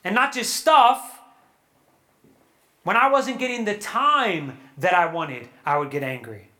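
A man preaching at a young adult retreat, earnest and animated, acting out prayers and quotes before a live audience. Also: high voice, slow. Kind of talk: sermon.

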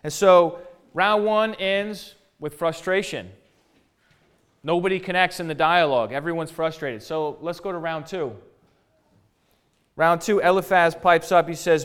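A man's voice: fairly high pitch, unhurried, pauses often, fairly bright tone, clear, resonant tone. A man preaching from the Bible in a casual, conversational way, paraphrasing in modern slang and often repeating words as he goes.

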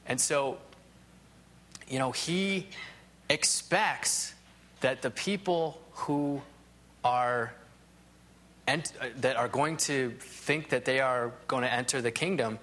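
A man's voice: medium pitch, a bit bright. Rambling, conversational male Bible teacher. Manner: rambling, full of "you know" asides and restarts.

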